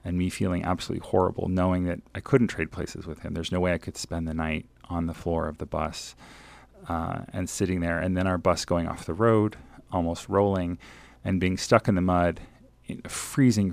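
A man, a guest author, reading aloud from his own travel memoir in an earnest, measured way and then chatting about it. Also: sits low, flat delivery, gravelly, a little mellow, no echo.

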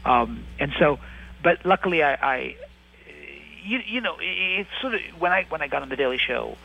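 On a low-quality recording with faint background noise, a male actor and writer in his thirties answers interview questions with thoughtful hesitation, often starting over and using hedging fillers. He has a medium-pitched, gravelly voice that is bright and forceful.

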